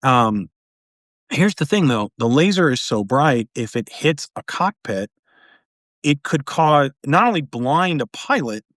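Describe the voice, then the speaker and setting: A man with an average-pitched voice hosts a loose political talk, speaking in rambling bursts and restarting his sentences often. He is recorded dry and close, with no room echo. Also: very animated, a little slow, a bit bright. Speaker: podcast host. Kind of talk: casual political discussion.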